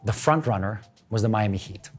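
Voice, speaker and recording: A man's voice: fairly low pitch, a little fast, soft background music. A middle-aged man from the Philippines, a guest in an interview, telling his story in English with Tagalog phrases mixed in and acting out what other people said. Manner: animated, acts out other people's lines.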